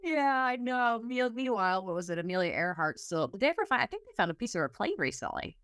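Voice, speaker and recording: A woman's voice: mid-range voice, sing-song, fast, fairly bright tone, dry recording, clean studio sound. A woman hosting a podcast in casual chat, telling a story with lots of laughter and acting out her own reactions. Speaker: podcast host.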